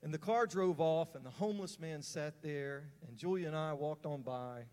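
A man's voice: fairly high pitch, moderate pace, a little mellow. A man giving a sermon as a story, in an earnest, conversational way with fillers and restarts. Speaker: preacher. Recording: long hall reverb.

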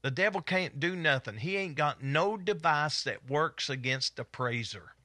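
Here an Eastern Kentucky man in middle age, Appalachian accent thick, teaches a Bible study with fervent preaching and excited hollering. The delivery is unhurried and a little high in pitch, recorded with clean studio sound and no room sound.

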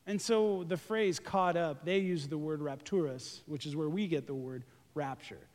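Pastor guy w a high voice cracking jokes mid-sermon, big echoey church sound. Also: moderate pace. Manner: joking, animated, talks to the congregation directly. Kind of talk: lively conversational sermon. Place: church sanctuary during a service. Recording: live church recording with long hall reverb.

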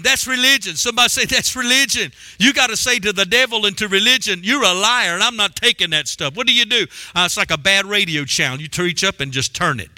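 Male preacher, high bright voice, emphatic call-and-response sermon delivery, dry close sound. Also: no echo.

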